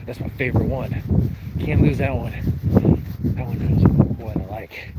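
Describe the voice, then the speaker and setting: A man's voice: medium pitch, a little slow. A man, vlogging on a phone as he walks outdoors, rambling and joking with mock-outraged outbursts. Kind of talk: joking vlog while walking in snow. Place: outdoors in snowy wind. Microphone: phone held while walking. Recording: loud wind noise on phone mic. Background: wind.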